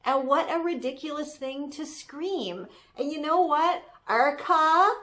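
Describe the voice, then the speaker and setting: A woman's voice: sits high, animated, slow, fairly bright tone, full character voice. A woman voicing a sassy young Gen Z social media manager who rants in exasperation and fills her talk with "like". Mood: indignant. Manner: filler-heavy, exasperated ranting. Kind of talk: comic character rant.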